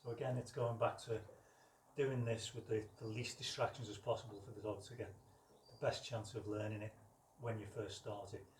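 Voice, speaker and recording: A man teaching dog training outdoors, explaining calmly between high, sharp commands to his dog. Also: moderate pace, a little hiss or hum. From United Kingdom. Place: outdoors with ambient noise. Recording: roomy, distant from the mic, faint ambience.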